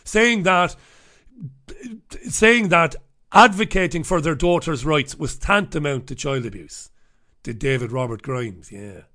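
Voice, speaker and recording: A man's voice: on the high side, unhurried, pushed and bright. A man hosting a radio show, delivering an angry, sarcastic monologue full of swearing. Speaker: radio host. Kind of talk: ranting monologue.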